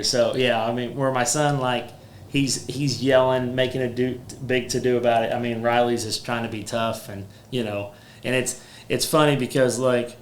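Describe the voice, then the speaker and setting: A man's voice: medium pitch, level tone, moderate pace, a little hiss or hum. Rambling Midwestern man in echoey room. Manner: rambling, many fillers and restarts. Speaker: podcast host, roofing business owner. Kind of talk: casual chat. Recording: roomy echo with faint ambience.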